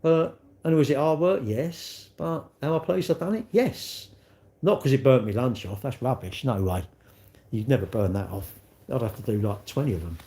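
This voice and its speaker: A man's voice: medium pitch, animated, normal speed, mellow. A man hosting a live stream, chatting in a rambling, self-mocking way and answering viewers.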